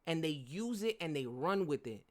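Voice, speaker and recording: A young woman, hosting her podcast in casual solo commentary, animated and dry-humored, laughing often. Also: normal speed. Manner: animated, swinging from low mutters to loud outbursts. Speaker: podcast host.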